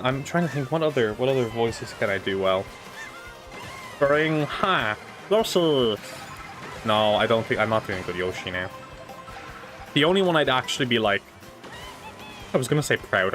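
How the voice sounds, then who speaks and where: A young man chatting casually while playing a racing game live, rambling and swearing now and then, on a desk microphone. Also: mid-range voice. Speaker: streamer. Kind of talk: casual live gameplay chat.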